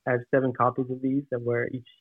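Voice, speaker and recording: Deadpan man on a tinny call line. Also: mid-range voice, fast talker, dry recording. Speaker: guest caller. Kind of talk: casual chat. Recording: tinny phone-like call audio.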